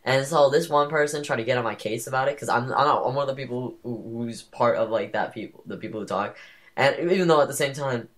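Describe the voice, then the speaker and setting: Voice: mid-range voice, fast talker. Young podcast co-host, rambling and sassy. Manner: rambling, sassy storytelling with many fillers. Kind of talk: casual chat.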